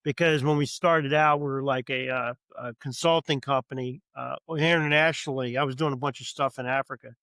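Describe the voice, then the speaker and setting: As a podcast guest, this middle-aged New Orleans man spins stories in a relaxed, joking way during a casual chat, his local accent clear. His medium-pitched voice holds a steady tone and sounds pushed and bright, moving a little fast with few pauses. There is no room sound.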